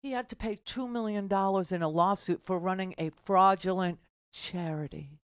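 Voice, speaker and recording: A combative woman talk radio host in middle age, indignant and exasperated. Her voice sits at an ordinary pitch and sounds dry and close, with no room around it. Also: moderate pace, clear, resonant tone, dry recording. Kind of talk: political talk radio monologue.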